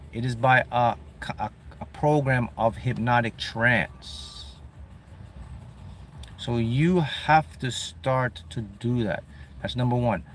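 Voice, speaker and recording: Animated man coaching on manifesting. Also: mid-range voice, a little hiss or hum. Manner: animated, acts out clients' voices. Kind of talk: motivational talk to camera.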